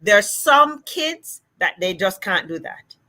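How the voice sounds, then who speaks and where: A woman speech therapist explaining in a patient, teacherly way. Her voice is bright and forward, and her pitch sits in a middle range. She slows down to model sounds carefully in a relaxed live chat. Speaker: speech-language pathologist guest.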